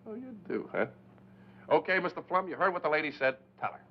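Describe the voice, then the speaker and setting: A man's voice: on the high side, sing-song, fast, a little hiss or hum. An actor playing a breezy, teasing song-and-dance man who laughs often, in 1940s film acting. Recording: dull old film soundtrack.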